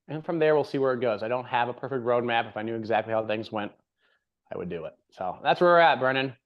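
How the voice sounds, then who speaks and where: A man's voice: medium pitch, animated, fast. A young man hosting a podcast in casual chat, rambling and upbeat, laughing often. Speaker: podcast host. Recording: slightly dull lo-fi audio.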